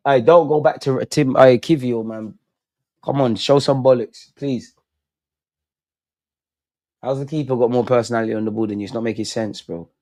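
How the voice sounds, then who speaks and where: A man's voice: medium pitch, normal speed, long pauses, warm tone. A young man doing a live football watch-along, swearing, pleading with the players and throwing in lots of slang. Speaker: football fan streamer.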